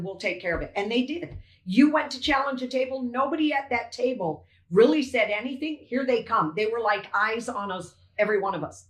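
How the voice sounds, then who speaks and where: Older woman, poll challenger testimony, animated and emotional, roomy echo on the voice. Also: on the high side. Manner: animated storytelling, acts out exchanges.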